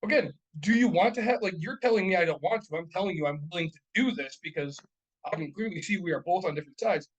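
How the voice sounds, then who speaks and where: A man's voice: high voice, quick pace, poor audio. Blunt, profane man on a podcast. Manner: blunt, profane, rambling with "right?" and "like". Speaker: podcast co-host. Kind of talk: casual podcast chat.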